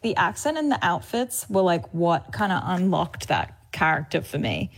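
A woman's voice: on the low side, sing-song, moderate pace. A young woman with an Australian accent, an actress chatting animatedly in an interview and laughing often. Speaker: actress guest. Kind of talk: casual interview chat.

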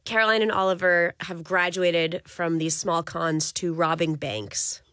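A woman's voice: fairly low pitch, unhurried, fairly bright tone, dry recording, studio quality. A woman interviewer asking curious, upbeat questions.

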